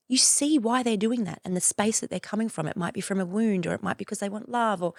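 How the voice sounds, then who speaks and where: A woman in her forties hosting a podcast, talking in a loose, effusive monologue, swearing freely and leaping up in pitch for playful emphasis. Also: fast talker, gravelly, hardly any pauses, no echo, clean studio sound. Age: 40s. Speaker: podcast host. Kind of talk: casual monologue.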